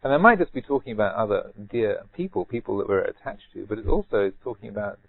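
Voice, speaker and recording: A man, a Buddhist monk, giving a rambling, gently humorous retreat talk with many repeated words. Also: lowish voice, sing-song, fast, gravelly. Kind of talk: retreat Dharma talk, anecdotal. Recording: tinny phone-like band.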